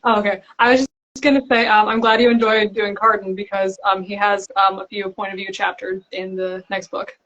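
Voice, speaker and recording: A woman's voice: medium pitch, flat delivery, a little fast, hardly any pauses, a bit bright. A young woman, an author, chatting casually and laughing often on a live video chat. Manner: giggly, chatty. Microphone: video call. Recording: lo-fi livestream audio.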